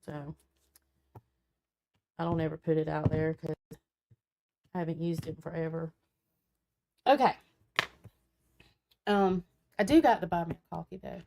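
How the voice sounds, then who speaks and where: A woman's voice: sits low, measured pace, creaky, pauses often, mellow, a little hiss or hum. A woman, a tarot reader chatting casually on a live stream, her voice cracking in and out. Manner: chatty, reads viewer comments aloud, folksy.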